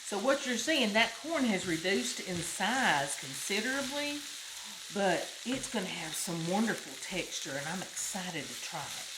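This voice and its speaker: A woman's voice: medium pitch, big pitch swings, measured pace. A woman with a Southern US accent hosting a casual home cooking demonstration, chatty and folksy, exclaiming over the food. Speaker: cooking show host. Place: home kitchen. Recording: roomy kitchen with loud frying noise. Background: sizzling pan and utensil clicks.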